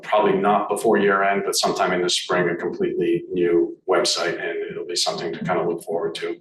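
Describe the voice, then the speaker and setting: A man with a Boston accent giving a board report at a meeting, halting with many fillers and restarts. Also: sits low. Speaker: board director speaking at annual meeting. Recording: echoey room, mic at a distance, faint noise.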